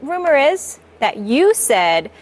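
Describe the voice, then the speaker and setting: A woman's voice: sits high, big pitch swings, slow. Woman moderator reading a sports segment. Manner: crisp, scripted delivery. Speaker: show moderator. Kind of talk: scripted news read and moderation.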